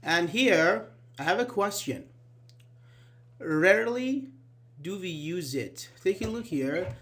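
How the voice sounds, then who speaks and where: A man's voice: sits high, expressive, takes it slowly, fairly bright tone, slight background noise. A man teaching an online English grammar class, explaining patiently, repeating key words and asking students questions, with many fillers like "actually".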